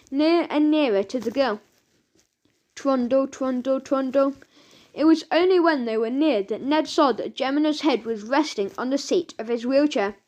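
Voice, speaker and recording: A woman narrating a children's audiobook in a lively storytelling manner. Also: high-pitched. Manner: lively storytelling with sound words.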